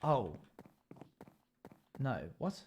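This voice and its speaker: Young male streamer, loose chatty delivery, thinks aloud while working, average pitch. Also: huge pitch swings, extremely slow, a little mellow, breathy edge. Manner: chatty, rambling, thinks aloud and answers chat. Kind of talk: casual live-stream chat while building.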